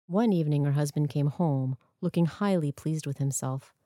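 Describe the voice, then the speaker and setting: A woman narrating a story in a measured, even storytelling manner. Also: low-pitched, no echo. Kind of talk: scripted narration. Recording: dry close studio sound.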